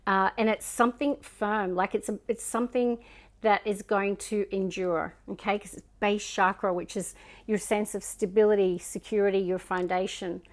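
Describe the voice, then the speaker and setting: A woman with a Scottish accent giving a casual tarot card reading, musing and chatty, sometimes dropping to soft murmurs. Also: mid-range voice, steady tone, moderate pace. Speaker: tarot reader.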